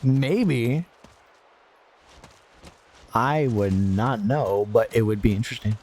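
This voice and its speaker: A man's voice: medium pitch, slow pace, darkish tone. A man hosting a gaming podcast, giving rambling casual commentary over gameplay with absurd jokes, frequent laughter and muttered asides at the game.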